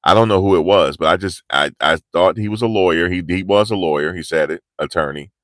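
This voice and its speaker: Male vlogger, low voice, animated and slangy, live outdoors, dry close sound. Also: fast, dry recording. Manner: animated, slangy, pushing energy. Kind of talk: live street commentary. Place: outdoors in cold, rainy weather.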